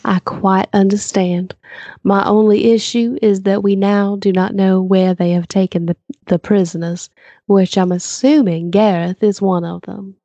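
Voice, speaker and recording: A polite, composed woman ally speaks with courteous formality, as a man voices her in a tabletop game. Her tone is mellow and dark, and the sound is dull and muffled. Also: high-pitched, little pitch movement, measured pace, no room sound, pitched above the performer's own voice.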